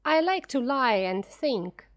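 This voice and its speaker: Woman doing a little boy in a storybook, high and eager, calm and kind of knowing. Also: slow.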